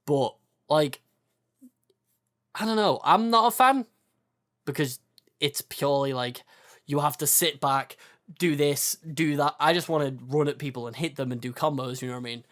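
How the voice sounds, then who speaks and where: Young male co-host, easygoing and chatty, voice a bit on the high side. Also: moderate pace, long pauses. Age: young adult. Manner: relaxed, chatty, lots of "like" and "you know what I mean". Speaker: podcast co-host. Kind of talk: casual chat.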